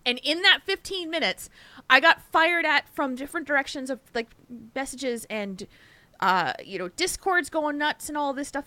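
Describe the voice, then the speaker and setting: Bright-voiced tired woman rambling. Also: high voice, lively intonation, normal speed, no echo. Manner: rambling, restarts sentences, laughs often. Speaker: podcast co-host. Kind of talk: casual chat.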